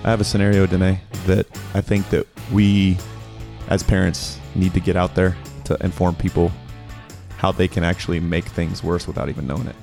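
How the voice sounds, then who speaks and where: A man's voice: low-pitched, flat delivery, fairly quick, creaky, a little mellow, soft background music. A man co-hosting a podcast in casual chat, telling stories in a rambling way. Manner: rambling storyteller, acts out quotes. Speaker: podcast co-host.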